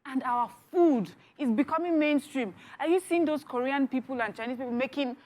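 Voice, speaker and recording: A woman co-hosting a TV talk show, making measured, reflective points in a panel discussion. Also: high-pitched, a little mellow. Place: TV studio.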